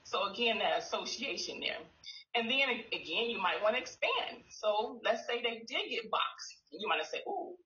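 A woman's voice: a little high, animated, normal speed, sharp tone. A woman speech pathologist giving a presentation to parents, explaining play techniques and acting out sing-song phrases for a child. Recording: echoey, slightly dull room audio.

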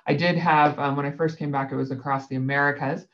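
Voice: medium pitch, steady tone, fast, lo-fi sound. A guest in a casual conversation, telling a work story in a rambling way with many fillers. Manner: rambling, lots of fillers, laughs easily. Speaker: guest, sales director.

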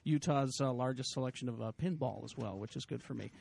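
A man's voice: medium pitch, quick pace, vocal fry, a little mellow, breathy edge, dry recording. A man hosting a casual group podcast, rambling with lots of fillers and mock-dramatic reads. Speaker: podcast host.

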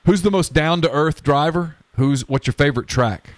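A man's voice: a little high, moderate pace, no room sound. A man hosting a podcast, asking questions and bantering playfully with his guest. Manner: joking, argues playfully. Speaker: podcast host. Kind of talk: interview questions, casual banter.

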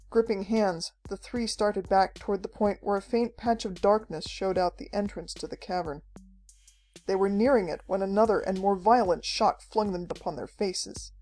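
Mellow-voiced woman reading an adventure story. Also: mid-range voice, moderate pace. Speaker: audiobook narrator. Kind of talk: scripted narration. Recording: faint background music.

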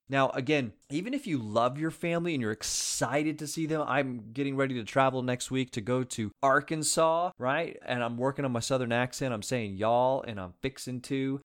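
A man giving an energetic, conversational advice talk to his viewers, often checking in with them as he speaks. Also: medium pitch.

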